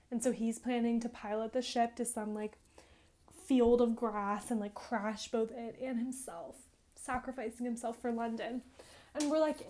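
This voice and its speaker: A woman's voice: on the high side, fairly even intonation, normal speed, dark tone. A young woman in her twenties vlogging, retelling a game's story in a chatty, dramatic way and saying "like" constantly. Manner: chatty, fills every phrase with "like". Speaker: gaming vlogger. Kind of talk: casual excited game retelling.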